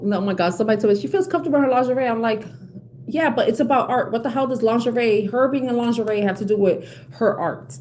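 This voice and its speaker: A woman's voice: a little high, big pitch swings, normal speed, long pauses, a little mellow, a little hiss or hum. A woman tarot reader chatting to her viewers in a blunt, heated rant, swearing freely and laughing often. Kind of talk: casual ranting chat to viewers.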